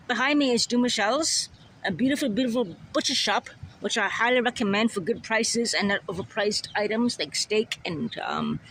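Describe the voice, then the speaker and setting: A slightly hoarse live-stream vlogger, freshly woken, chatting casually and repeating words while walking a city street outdoors, filmed on a handheld phone. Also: mid-range voice, fairly bright tone, slight background noise, low-quality recording. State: a bit hoarse, just woke up. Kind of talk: casual walking livestream chat.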